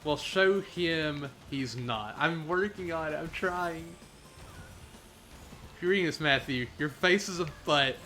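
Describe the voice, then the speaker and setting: Bright, playful young male streamer. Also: a little high, unhurried, soft background music. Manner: playful, jokey, excitable. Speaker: gaming streamer. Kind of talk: live gameplay commentary.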